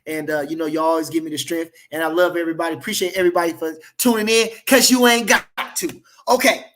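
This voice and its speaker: Man, AAVE, boxing livestream host. High, bright voice; loose and slangy, repeats lines for emphasis. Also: fairly even intonation, rapid-fire. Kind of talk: casual livestream chat reading comments.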